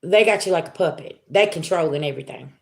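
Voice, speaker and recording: A woman's voice: sits low, fast, gravelly. Chatty woman tarot reader, roomy echo. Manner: chatty, talks straight to viewers, frequent "okay?" and "y'all". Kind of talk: casual tarot reading to viewers.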